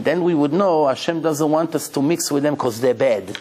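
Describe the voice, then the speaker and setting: A man giving a religious lecture as a rabbi, emphatic and animated, repeating key phrases as he tells stories. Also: fairly high pitch, normal speed, hardly any pauses, a little hiss or hum.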